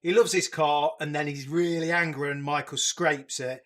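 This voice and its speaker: Man, podcast co-host, dry asides, fairly high voice. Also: steady tone, normal speed, a bit bright. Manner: recaps plot with dry, sweary asides. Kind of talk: casual chat.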